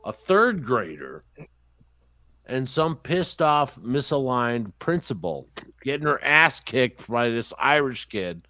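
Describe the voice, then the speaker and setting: This podcast host speaks slowly in a mid-range voice, with no room sound. He recounts childhood tales casually, cursing often and playing out the people in them with animated flair.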